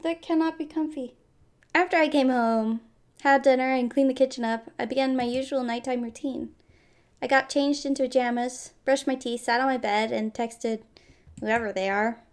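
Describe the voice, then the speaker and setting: A woman's voice: a little high, fairly even intonation, normal speed, smooth. A woman streamer reading a story game aloud and chatting in casual, giggly asides. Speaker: gaming streamer.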